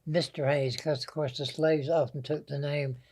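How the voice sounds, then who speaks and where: A man's voice: a little high, level tone, moderate pace, darkish tone. An older man with a Southern American accent, telling folksy family stories as an interview guest. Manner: folksy, anecdotal storyteller. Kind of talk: storytelling interview.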